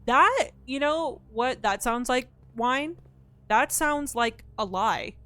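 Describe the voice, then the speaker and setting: A woman's voice: sits high, lively intonation, takes it slowly, bright, forceful tone, no echo. Exasperated woman streamer swearing at a game. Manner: frustrated, swears a lot, thinks aloud; talks to chat and game characters directly. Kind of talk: live-streamed gameplay chat.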